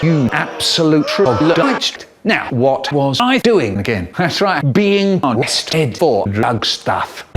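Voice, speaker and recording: A man telling comic stories in a theatrical, expressive way, spliced into a choppy cut-up edit with sudden vocal jumps. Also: a little high, background noise. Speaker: storyteller in a spliced comedy edit.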